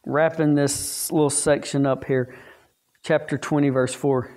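A man leads a Bible lesson for staff in a folksy, conversational way. His voice sits at an ordinary middle pitch. He keeps putting questions to the class and then answering them himself. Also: measured pace, a little mellow. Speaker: Bible teacher.

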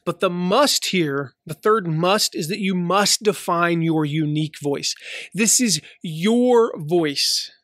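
Southern guy rambling thru a podcast, slightly high voice, super dry close sound, lots of "you know". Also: takes it slowly, a bit bright, dry recording. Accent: light Southern US. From American South. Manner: chatty, many fillers and restarts. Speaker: podcast host. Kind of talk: casual solo podcast teaching.

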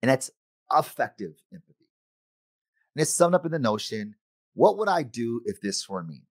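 A middle-aged man giving a conference keynote, animated and acting out the voices of friends and himself. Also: mid-range voice, moderate pace, no echo, clean studio sound. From United States. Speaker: conference speaker. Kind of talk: keynote talk.

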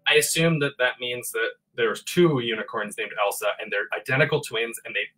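Between made-up songs on an arts therapy livestream he co-hosts, a man jokes around, rambles, and pokes fun at himself. He speaks fairly quickly at a medium pitch, over music.

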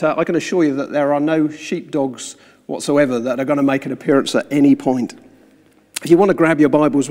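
A man preaching a sermon, telling a story in a measured, earnest way before moving into the sermon itself. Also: on the high side, darkish tone. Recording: reverberant hall sound.

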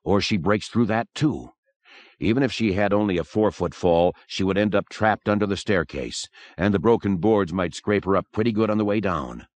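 A man narrating a horror audiobook in an expressive, dramatic manner. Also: sits low, no room sound. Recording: dry close recording.

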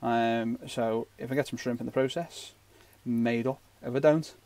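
A man's voice: medium pitch, steady tone, normal speed, warm tone, no echo. Chatty man teaching fishing knots. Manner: chatty, rambling, jokey asides. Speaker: fishing channel host. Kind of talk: casual knot-tying tutorial.

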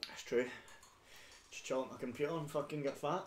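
A young Scottish man hosts a casual stream while drinking beer, trading rowdy, foul-mouthed banter in relaxed chat. His voice is medium-pitched and a little fast, with lots of background noise behind it.

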